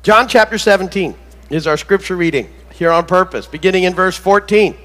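Male pastor, high voice, folksy halting sermon with fillers and dad jokes, long church-hall reverb. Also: a bit bright. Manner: conversational, halting with many fillers and restarts; tells corny jokes between teaching.

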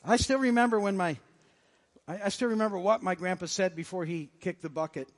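A man's voice: high voice, a little fast, in a large hall. A man preaching a sermon as pastor, conversational and jokey, with frequent restarts. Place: church sanctuary.

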